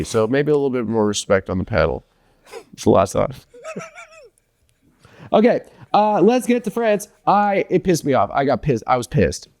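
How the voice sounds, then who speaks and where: A man's voice: medium pitch, a little mellow. A man with an American accent co-hosting a casual sports podcast, rambling and profane, with a jokey delivery. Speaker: podcast co-host.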